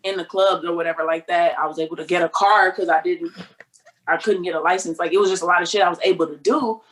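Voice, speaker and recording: Animated young woman telling a story. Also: lowish voice, quick pace. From Detroit, United States. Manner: animated, acts out quoted voices, swears freely. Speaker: podcast guest. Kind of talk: casual storytelling chat.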